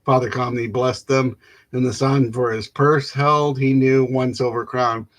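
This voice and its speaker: Man reading a novel aloud, haltingly. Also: mid-range voice, steady tone. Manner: halting, stumbles and restarts words, fills gaps with "uh". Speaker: reader of a classic novel. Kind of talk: unrehearsed reading aloud of literary prose.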